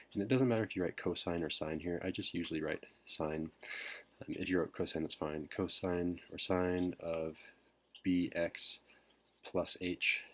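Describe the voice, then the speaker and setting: A man teacher whispering a recorded math lesson, hesitant with frequent pauses. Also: deep voice. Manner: whispering softly; hesitant, many ums.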